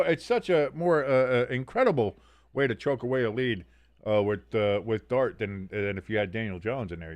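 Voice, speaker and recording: A man's voice: lowish voice, no room sound. A man hosting a casual football watch-along stream, calling plays and reading chat aloud with sardonic, profane humor. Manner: sardonic, swears a lot, reads chat aloud. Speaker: sports stream host.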